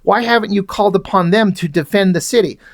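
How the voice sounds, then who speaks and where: A man's voice: high voice, quick pace, lightly acted. A man reading the lines of a proud female warrior angel from a comic in an earnest, insistent tone.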